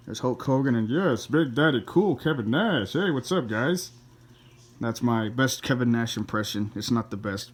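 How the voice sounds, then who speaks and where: A man talking casually to camera as he reviews his DVD collection, rambling, with many fillers and self-corrections, blunt and a little crude. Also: medium pitch.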